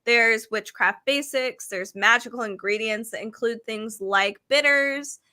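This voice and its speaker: A woman's voice: fairly high pitch, a little slow, bright, forceful tone. A woman on a casual live video chat, upbeat and enthusiastic as she walks through a book. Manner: upbeat, enthusiastic, listing things with small fillers.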